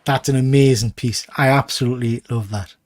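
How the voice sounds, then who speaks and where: A man from the United Kingdom hosting a casual interview over a video call, eager and quick to affirm. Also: medium pitch, fairly even intonation. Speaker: host.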